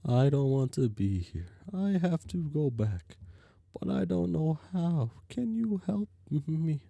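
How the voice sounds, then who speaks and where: A tearful young canine spirit girl who keeps breaking into sobs and pleading with slow, gravelly sadness, voiced by a man reading a webcomic aloud. The tone is dark and mellow, dry and close, with no room around it. She wallows in loss and fear. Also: fairly high pitch, expressive, dry recording, heavily acted. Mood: despairing. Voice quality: sobbing, whimpering. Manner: tearful, self-pitying. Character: grieving ghostly dog-girl spirit, young, sobbing.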